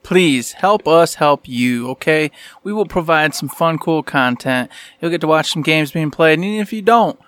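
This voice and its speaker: A man's voice: on the high side, normal speed, fairly bright tone, no echo. A man co-hosting a podcast in casual chat, joking and laughing often. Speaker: podcast co-host.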